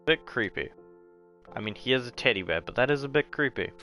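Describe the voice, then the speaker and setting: A man's voice: mid-range voice, lively intonation, quick pace, sharp tone. A man from New Zealand chats on a game live stream, swearing freely and tripping over his words as he reads along. His voice sits in the middle range, with faint game music under it. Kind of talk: casual live-stream commentary and reading aloud.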